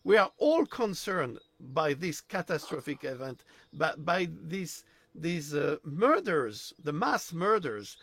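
Man, panelist, slightly high voice, halting and repetitive, dry close sound. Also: sing-song, fairly bright tone, no room sound. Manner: repetitive, searching for words. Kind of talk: discussion monologue.

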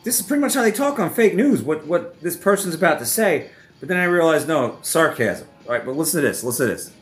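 A man's voice: fairly high pitch, lively intonation, fast, faint music behind. A man hosting reaction commentary, ranting with heavy profanity and frequent laughter. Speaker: host.

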